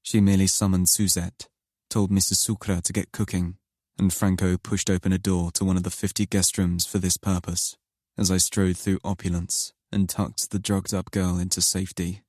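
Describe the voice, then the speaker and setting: A man narrating an audiobook in first person, in a slow, low, intimate and brooding manner. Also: a little mellow, no echo, clean studio sound.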